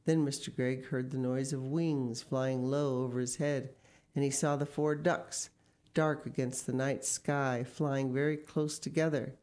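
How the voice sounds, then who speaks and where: A woman's voice: a bass voice, steady tone, unhurried, darkish tone. A woman reading a children's story aloud expressively, with casual asides. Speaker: story reader.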